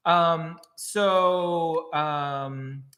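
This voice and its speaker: A man co-hosting a casual live stream, reading viewer shout-outs and asking questions in an easygoing way. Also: on the high side, fairly even intonation, drawn-out words. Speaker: co-host reading viewer comments.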